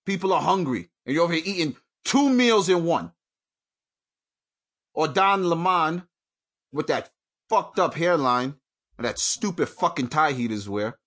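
A man hosting his own show from home, ranting angrily and with heavy profanity, jumping between loud outbursts and low mutters. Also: animated, unhurried, long pauses. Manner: angry, profane, swings from shouting to mutters. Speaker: podcast host. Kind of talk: profane solo rant.

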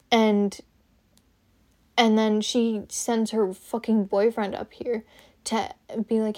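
A young woman hosting her own podcast, rambling casually and haltingly, with lots of "like" fillers. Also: on the high side, flat delivery, darkish tone. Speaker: podcast host.

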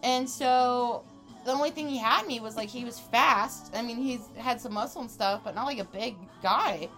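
A woman's voice: on the high side, normal speed, soft background music. A woman in her twenties telling a wild story in casual chat, laughing often and acting out what people said. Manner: animated, laughing, acts out quotes. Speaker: podcast co-host.

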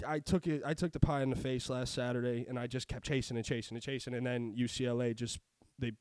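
High-voiced ranting man, dry sound. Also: dry recording. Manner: profane, ranting, animated. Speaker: sports betting podcast host. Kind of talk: casual chat.

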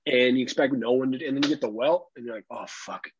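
A man's voice: mid-range voice, fast talker, highs cut off, a little hiss or hum. A man co-hosting a podcast who tells stories in a casual chat, acting out other people's lines, laughing often and swearing casually. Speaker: podcast co-host.

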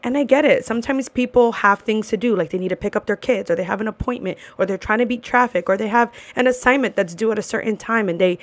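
A woman's voice: mid-range voice, quick pace, hardly any pauses, no echo. A woman hosting a podcast in a casual ranting monologue, blunt, swearing freely and repeating herself for emphasis. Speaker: podcast host.

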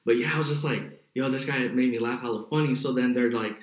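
A man's voice: medium pitch, quick pace. A young man as a podcast guest, chatting in a laid-back, slangy way full of "like" and "hella". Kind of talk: casual chat. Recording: roomy echoey room.

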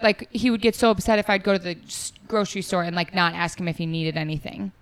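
A woman co-hosting a casual podcast chat, talking in a lively way with lots of fillers. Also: fairly low pitch, quick pace, clean tone. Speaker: podcast co-host.

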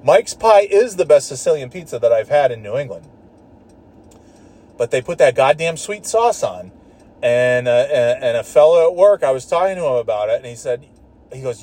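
Man, casual vlog rant from a car, mellow dark voice, lots of swearing and false starts. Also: mid-range voice, expressive, a little fast. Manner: profane, rambling, exasperated, with frequent restarts.

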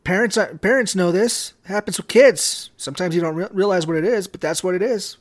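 A man hosting a devotional podcast, speaking in a measured way with long pauses. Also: high-pitched. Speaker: podcast host. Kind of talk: devotional talk.

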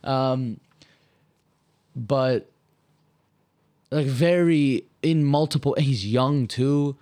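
A young man talks in a loose, laid-back podcast chat. He is blunt and animated and swears a lot when he makes a point. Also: medium pitch, very slow, clear, resonant tone. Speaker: podcast co-host. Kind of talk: casual chat.

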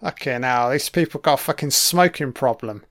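A man's voice: mid-range voice, normal speed, a bit bright. A man giving a casual running commentary on a film. He swears constantly and makes wry, offhand remarks.

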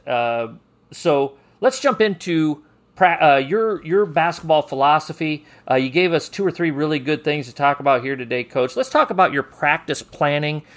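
A podcast host with a somewhat high, slightly bright male voice runs a coaching show in a relaxed, talkative style. He teases his guest and reads out a quote of the day in what is a casual interview.

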